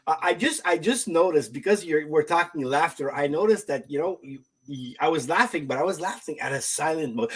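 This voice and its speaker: A man's voice: on the high side, animated, brisk, hardly any pauses, slightly rough. A man hosting a casual interview, hesitant and restarting often, laughing easily. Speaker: host.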